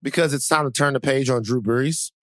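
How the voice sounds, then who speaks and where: A man in the middle of his range talks at a podcast mic. His chat rambles along, animated and self-mocking. The sound is close and dry, with no room behind it. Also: mid-range voice, brisk, no echo. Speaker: podcast co-host. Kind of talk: casual chat.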